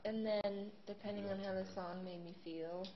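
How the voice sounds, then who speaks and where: A young adult woman guest in a casual interview, telling stories in a chatty, animated way with many fillers. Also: medium pitch, moderate pace. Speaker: guest, singing show contestant. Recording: dull lo-fi home video with steady noise.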